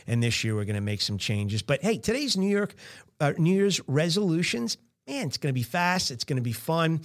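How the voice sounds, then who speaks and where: A man hosting a casual business podcast from a recording studio, chatty and upbeat, often tossing in "man" and "right?". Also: mid-range voice. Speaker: podcast host.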